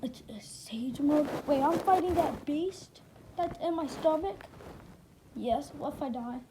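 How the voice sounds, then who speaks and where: A woman's voice: sits high, lively intonation, unhurried, noisy background. A woman voicing a polite, hesitant teenage boy hero. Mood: alarmed.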